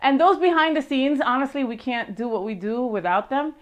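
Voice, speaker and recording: A woman's voice: sits high, fairly quick, highs cut off. A woman hosting a talk show, bubbly and gushing, slipping in Spanish phrases. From Miami area.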